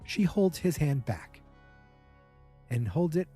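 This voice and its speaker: A man's voice: fairly high pitch, sing-song, takes it slowly, mellow, husky, soft background music. A man hosting a podcast, casually recapping a TV episode in a chatty, wry way and mimicking the characters' lines. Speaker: podcast host.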